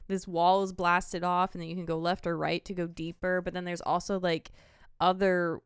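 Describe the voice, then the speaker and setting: A woman's voice: fairly low pitch, flat delivery, moderate pace, clean tone, no echo, clean studio sound. A woman co-hosting a podcast, chatting casually and hesitating as she searches for names. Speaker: podcast co-host. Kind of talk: casual chat.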